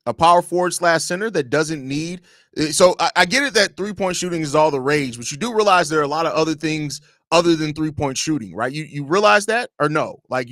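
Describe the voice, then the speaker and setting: This man hosts a basketball fan podcast, running a casual sports talk live stream from home. His voice sits on the high side and is a bit bright, recorded with studio quality and no echo. He's opinionated and rambling, often restarting his sentences.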